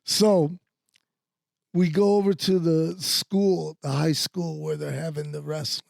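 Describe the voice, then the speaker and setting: Brief: male podcast co-host, gravelly and unhurried, swears freely, dry close sound. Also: on the high side, little pitch movement, no room sound. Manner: profane, rambling with many fillers. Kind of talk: casual storytelling.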